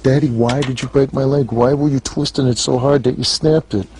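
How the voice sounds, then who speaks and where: A man's voice: medium pitch, fairly even intonation, slightly rough. A man voicing a pleading baby girl. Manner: slow, hushed, pleading.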